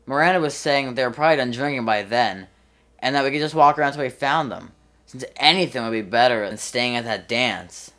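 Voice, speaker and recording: A young man hosting a comedy show, telling a story in a casual, deadpan way. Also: mid-range voice, fairly quick. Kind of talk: storytelling monologue.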